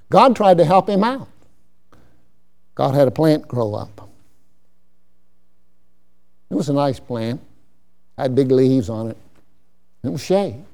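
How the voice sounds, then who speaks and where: A man's voice: medium pitch, mellow. A man preaching a sermon, reading scripture aloud and commenting on it in a folksy, conversational way.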